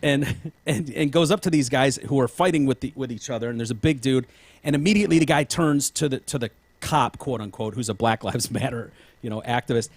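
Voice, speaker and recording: A man's voice: mid-range voice, a little fast, no echo. Man with a dry, rambling manner. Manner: rambling with frequent restarts and swearing. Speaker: podcast host. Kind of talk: casual chat.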